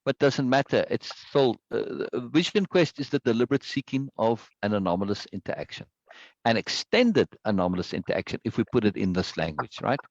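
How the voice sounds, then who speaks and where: A man leading a group discussion over a video call, talking with eager enthusiasm and repeating words as he goes. His voice sits at a middle pitch. The sound is dry and dull, like lo-fi call audio. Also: animated, fairly quick, no echo.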